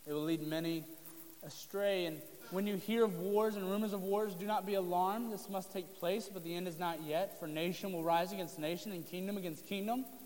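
A man's voice: sits high, fairly even intonation, fairly quick, a little mellow. A man preaching a sermon to his congregation in a casual, conversational way, with joking asides. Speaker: pastor. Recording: long reverb of a hall.

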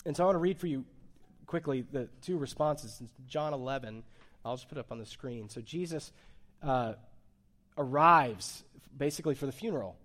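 A man, a pastor, giving a sermon in a relaxed, conversational way, dropping to a hush and then rising to emphatic points. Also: mid-range voice, normal speed. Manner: conversational preaching, swings between soft and emphatic.

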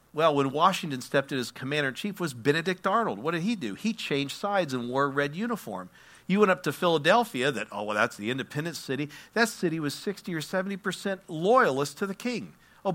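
A man preaching a verse-by-verse sermon, reading scripture with asides and acting out quotes as he tells the story. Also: a little high. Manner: animated storytelling with acted-out quotes; asides and self-corrections while reading scripture. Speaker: pastor.

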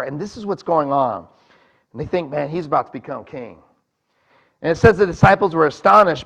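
A man preaching to his congregation in a relaxed, conversational sermon, pausing to ask the room questions and slipping into the voices of the people in the story. His voice sits a little high for a man. The recording is dull and lo-fi. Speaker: pastor.

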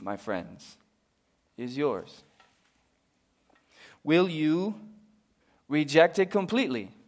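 A man preaching a sermon as pastor, earnest and unhurried, sinking to a hushed voice for his appeals. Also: medium pitch.

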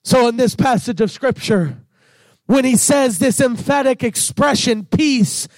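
High-voiced fervent male preacher, slow. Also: no room sound. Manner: fervent preaching that swells into shouts. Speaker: pastor. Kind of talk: sermon.

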